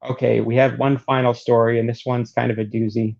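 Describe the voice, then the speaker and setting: A man's voice: medium pitch, little pitch movement, fairly quick, vocal fry, a little mellow. A man reading a book aloud and adding dry, sarcastic asides. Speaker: book reader and commentator. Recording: dull lo-fi recording.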